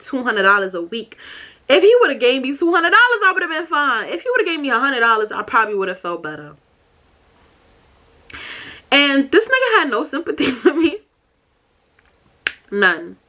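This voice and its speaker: A woman telling a storytime vlog in a blunt, profane, animated way. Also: fairly high pitch. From New York. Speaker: vlogger.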